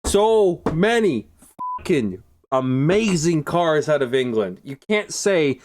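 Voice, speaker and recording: A man's voice: a little high, sing-song, a little slow, background noise. A young man commenting on a racing game, sarcastic and rambling, laughing often. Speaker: gaming YouTuber.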